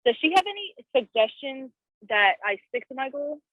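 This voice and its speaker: High-voiced woman caller on a tinny phone line. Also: expressive, moderate pace, no room sound. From South Carolina.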